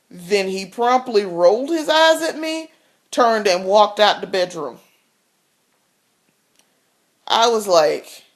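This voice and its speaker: A woman's voice: mid-range voice, big pitch swings, takes it slowly, pauses often. A woman vlogger telling a story in a casual, blunt rant, swearing freely and laughing often.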